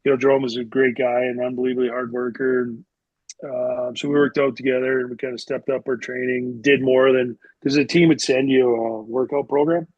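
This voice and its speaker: Husky-voiced man telling hockey stories. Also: medium pitch, little pitch movement, fairly quick, no echo, highs cut off. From Canada. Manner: rambling, lots of "like" and restarts. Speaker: guest, retired hockey player. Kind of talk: casual storytelling interview.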